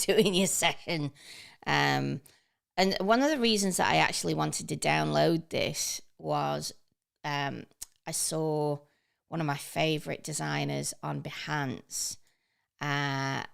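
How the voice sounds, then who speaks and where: A woman's voice: deep voice, creaky. A woman giving a casual, chatty tutorial, upbeat and full of ums and uhs. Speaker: online training presenter. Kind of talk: casual screen-share tutorial.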